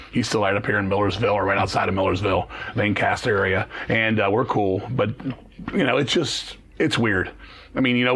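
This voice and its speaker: A man talks at a rapid clip, his husky voice running through a long story. He swears freely and acts out what other people said in his anecdote. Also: lowish voice. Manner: profane, rapid, animated storytelling, acting out quoted dialogue. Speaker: guest musician. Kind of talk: casual interview storytelling.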